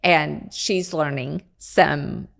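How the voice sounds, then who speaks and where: An older woman, a parenting expert and grandmother, giving calm, measured advice in a casual podcast chat. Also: sits low, vocal fry.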